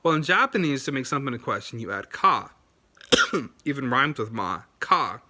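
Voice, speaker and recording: Young man, bright voice, casual vlog talk, rambling, lots of fillers, mid pitch. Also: very animated, normal speed. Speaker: language-learning vlogger. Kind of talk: casual explanatory talk to camera.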